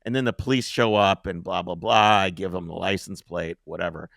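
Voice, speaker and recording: A man hosting a podcast, telling a long story in a casual, animated way, swearing freely and acting out the scenes. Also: low voice, a little fast, gravelly, no echo, studio quality.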